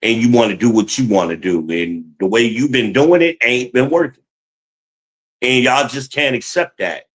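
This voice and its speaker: A man's voice: mid-range voice, normal speed, low-quality recording. A man giving blunt, profane relationship advice in a heated livestream rant, talking to his chat.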